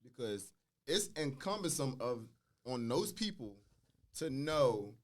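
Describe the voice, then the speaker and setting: A man hosting a podcast chats loosely, mostly with short replies to his guest. His pitch rises and falls in a lively way. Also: slow pace. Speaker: podcast host. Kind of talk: casual podcast chat.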